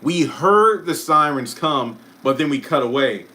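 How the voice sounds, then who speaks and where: A man hosting a casual live stream who chats about a TV finale, answers viewer comments, and often breaks off with quick asides and apologies. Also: a little high, expressive, bright, forceful tone. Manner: chatty, self-interrupting, apologetic asides. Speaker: YouTube live stream host.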